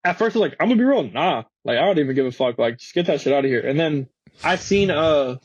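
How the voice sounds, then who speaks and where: A man's voice: on the high side, lively intonation, quick pace, slightly rough, no echo, highs cut off. A young man, a skateboarding guest, telling a story in a slangy, profane way and acting out the quotes. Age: young adult. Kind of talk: animated storytelling with quoted voices. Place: podcast studio.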